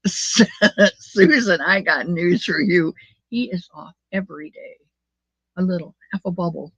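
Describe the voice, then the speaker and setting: Older lady host doing a slow chatty livestream, dry lo-fi sound, real sweet with viewers. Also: fairly low pitch, a bit bright, breathy edge, no echo. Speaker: livestream host reading chat. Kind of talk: casual chat. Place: home.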